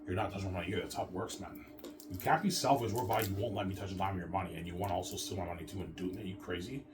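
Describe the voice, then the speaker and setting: A man's voice: sits low, fairly even intonation, rapid-fire, noisy background. A man delivering a boastful, rambling monologue with stammering restarts. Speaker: vlogger. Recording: distant mic with clear background music.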